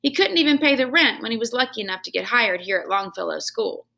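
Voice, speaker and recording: A woman's voice: fairly high pitch, quick pace, vocal fry. A woman reading a children's book aloud at home, telling it expressively as a storyteller. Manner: expressive storytelling with home asides to her son. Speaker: reader.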